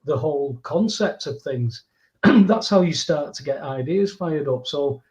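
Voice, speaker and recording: Chatty man, slightly high voice. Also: expressive, a little slow, darkish tone, muffled recording. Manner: chatty and digressive, with many fillers. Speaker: guest. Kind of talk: casual chat.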